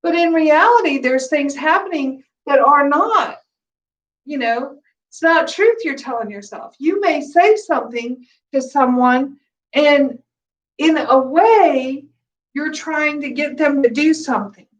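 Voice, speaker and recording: A woman meditation teacher speaking gently and conversationally, with restarts and soft laughs. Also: high-pitched, unhurried, distant mic, low-quality recording.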